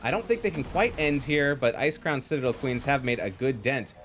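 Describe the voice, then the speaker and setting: A man casting a live esports match, excitable and jokey, quick to laugh and riff on the action. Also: mid-range voice, a little hiss or hum. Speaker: esports play-by-play caster. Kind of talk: lively live game commentary.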